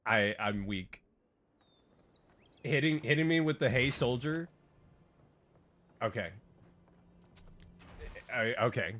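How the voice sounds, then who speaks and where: A man's voice: mid-range voice, lively intonation, takes it slowly, long pauses, sharp tone. A man chatting casually on a gaming stream, rambling and joking with lots of fillers and restarts.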